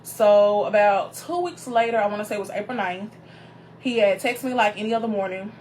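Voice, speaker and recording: A woman minister hosting her show, telling a personal story in a casual, animated way, calling her viewers y'all and greeting them by name as they join. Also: mid-range voice, fairly quick, a little hiss or hum.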